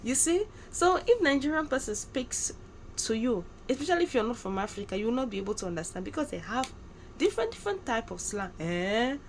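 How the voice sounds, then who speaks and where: Lively woman vlogger explaining slang. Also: on the high side, brisk, slight background noise, low-quality recording. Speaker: channel host. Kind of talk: casual vlog commentary.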